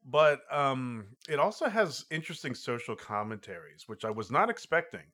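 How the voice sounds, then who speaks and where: A man chatting casually about a movie, halting and restarting often with lots of fillers. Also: medium pitch, sing-song, sharp tone. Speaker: podcast co-host. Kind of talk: casual film review chat.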